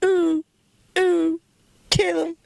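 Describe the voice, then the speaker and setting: A squeaky, gravelly beaver mascot. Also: male voice, flat delivery, drawn-out words, no room sound, exaggerated voice. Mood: gleeful. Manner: mocking, gleeful taunts with fake sobbing. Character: gloating stuffed beaver mascot, male, rowdy and boastful. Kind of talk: comedic character rant.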